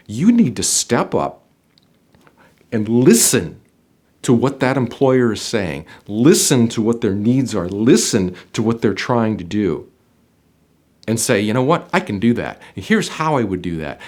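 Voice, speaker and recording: A man talking as a job interview coach, giving advice to camera in an emphatic way, with sudden loud stresses and quiet drops, often repeating phrases. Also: fairly low pitch. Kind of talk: direct-to-camera advice talk.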